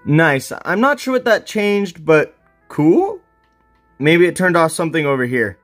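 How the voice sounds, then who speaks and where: Brief: chatty let's-play man, somewhat high voice, soft game music behind. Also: very animated, a little slow. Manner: chatty, laughs, talks to viewers. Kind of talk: casual game commentary.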